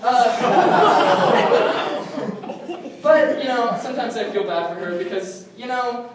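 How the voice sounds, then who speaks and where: A young man with a high voice works a stage as a stand-up comic, rambling through a story with plenty of ums and likes. He sounds far from the mic in a very echoey room, with clear noise under him. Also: lively intonation, slow pace. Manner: rambling, self-amused, lots of ums and likes. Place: comedy club stage. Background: audience laughter.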